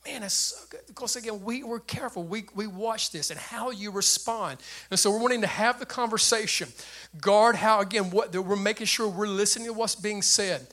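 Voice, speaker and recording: An older man preaching with a high voice that sits well above most men's. His tone is bright and forceful, and he talks in a lively, plain way to his congregation. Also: fairly quick. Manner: animated preacher with a light, high voice and plain speech. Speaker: pastor. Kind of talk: sermon.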